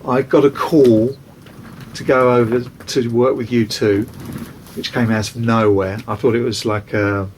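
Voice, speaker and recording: A man's voice: medium pitch, flat delivery, unhurried, darkish tone, a little hiss or hum. A man, a record producer, casually telling anecdotes in an interview and acting out other people's voices.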